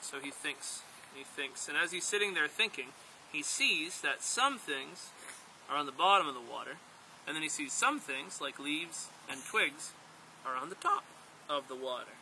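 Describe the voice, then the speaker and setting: Bright-voiced playful male storyteller. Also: a little high, normal speed, vocal fry, slight background noise, low-quality recording. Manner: animated, playful, addresses listeners directly. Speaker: storyteller and outdoor instructor. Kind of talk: oral storytelling to a group.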